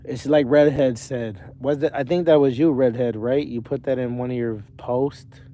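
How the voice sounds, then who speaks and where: A man's voice: medium pitch, fairly even intonation, normal speed, mellow, slight background noise. A young man livestreaming from his parked truck cab, rambling casually while reading out viewer comments. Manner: rambling, chatty, self-correcting.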